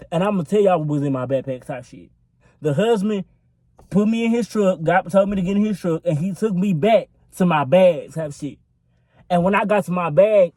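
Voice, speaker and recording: A man's voice: high voice, a little mellow, no room sound. A young man telling a storytime vlog into his phone in a rambling, profane, filler-laden way. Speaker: vlogger. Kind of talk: casual storytime.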